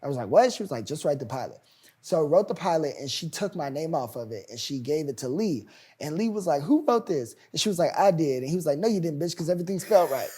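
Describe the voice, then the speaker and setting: A man's voice: on the high side, fast, husky. A man in his twenties, a playwright and showrunner, telling his story in a casual interview and acting out the people he quotes. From United States. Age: 20s. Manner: animated, acts out quoted voices loudly.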